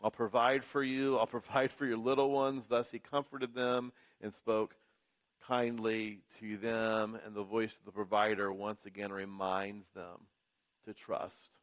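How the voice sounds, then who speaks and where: A man's voice: on the low side, little pitch movement, measured pace. Man preaching with rhythmic repetition. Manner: rhythmic repetition, rising emphasis. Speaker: pastor. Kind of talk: sermon. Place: church.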